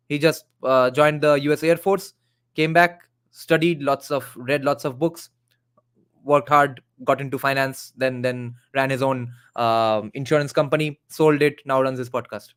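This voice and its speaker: A man's voice: mid-range voice, fairly even intonation, moderate pace, smooth. A man who hosts a live reaction video, talking in a conversational way and reading viewer comments aloud.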